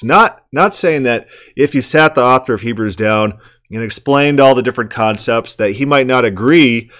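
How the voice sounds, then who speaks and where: A man's voice: medium pitch, fairly bright tone, clean tone. A man commenting on a sermon clip, emphatic and argumentative, asking rhetorical questions and often repeating words.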